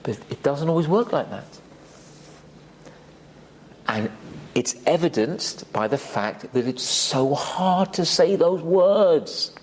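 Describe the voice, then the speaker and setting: A man's voice: a little high, animated, slow, pauses often, slight background noise. A man giving an emphatic Torah class, dropping Hebrew terms into his talk. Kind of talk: sermon. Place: community synagogue hall.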